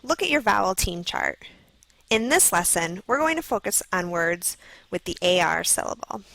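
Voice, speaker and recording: A woman with a gravelly edge reads a scripted phonics lesson, slowly and clearly sounding out each letter. The recording is dry and close, with no room sound. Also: lowish voice, big pitch swings, pushed and bright, no echo, rough recording. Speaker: lesson video narrator. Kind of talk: scripted instructional narration.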